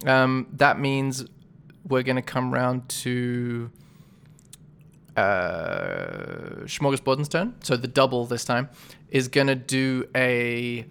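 A man's voice: medium pitch, creaky, a bit bright, clean tone. A man narrating and running a tabletop role-playing game, talking casually and thinking aloud. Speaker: game master.

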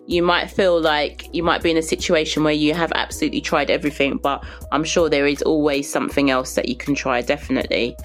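A woman's voice: low-pitched, steady tone, fast, hardly any pauses, faint music behind. A woman co-hosting a podcast, mostly agreeing and adding short comments in casual chat. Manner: agreeable, short backing replies. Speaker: podcast co-host.

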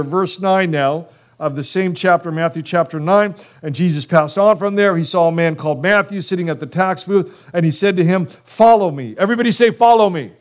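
A male pastor preaching a sermon in an animated, conversational way, acting out biblical dialogue and using casual slang. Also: high voice. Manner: casual slang, quick bursts.

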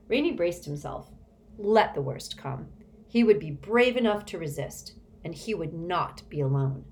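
A woman with a fairly low voice narrates an audiobook, telling the story in a measured, expressive way.

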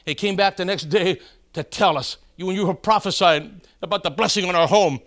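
Male preacher, middle-aged, high voice, bright and forceful tone, folksy storyteller. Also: fairly quick. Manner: folksy storytelling, calls out to congregation. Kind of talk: sermon with joke stories.

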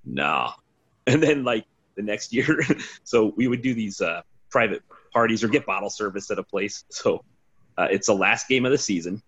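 Man, low husky voice, rambling storyteller with curses, dull lo-fi recording. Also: animated, moderate pace, fairly bright tone. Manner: rambling, swearing, laughing storyteller. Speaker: podcast guest, former team DJ. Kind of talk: casual storytelling. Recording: dull lo-fi sound.

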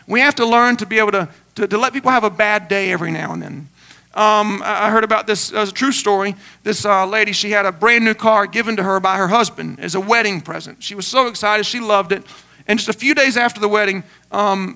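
A pastor preaching in a voice that sits very high and sounds bright and forceful. He talks earnestly and conversationally, doubling up words as he goes. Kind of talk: sermon.

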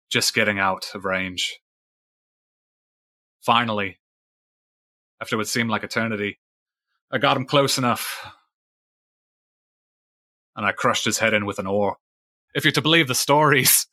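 A man voicing a grizzled old one-legged male fisherman who talks gruff and blunt. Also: lowish voice, pushed and bright, dry recording.

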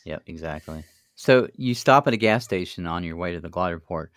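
A man's voice: low-pitched, animated, brisk, dry recording, studio quality. A man hosting a casual interview, asking brief questions and laughing along. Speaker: podcast host.

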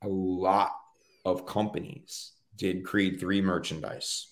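A man talking as a guest on a casual podcast, relaxed and conversational, with frequent fillers. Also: deep voice, slow pace.

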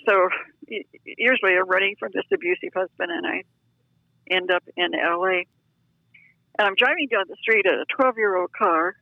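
An older woman telling a personal story in an interview, animated and acting out the voices of the people in it, on a dull lo-fi recording. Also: lowish voice, creaky, slightly rough, no echo. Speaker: interview guest.

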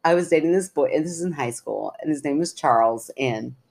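A woman's voice: low-pitched, fairly quick, vocal fry, darkish tone, a little hiss or hum. A woman co-hosting a podcast, telling a story in a chatty way and laughing often. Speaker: podcast co-host. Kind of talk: casual chat.

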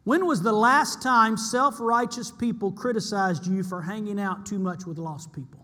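A man's voice: high voice, normal speed, pushed and bright, big-room sound. A man preaching a sermon to his church, earnest and emphatic, repeating key lines for weight.

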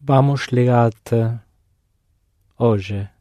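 A man's voice: mid-range voice, drawn-out words, warm tone, dry recording. A man language student answering hesitantly in a lesson. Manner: hesitant, unsure.

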